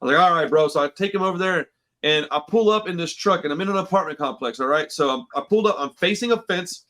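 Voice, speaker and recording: A man's voice: high-pitched, quick pace, a bit bright. A man in his forties from Texas, hosting a podcast and telling rambling stories full of slang and swearing. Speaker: podcast host. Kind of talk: casual chat.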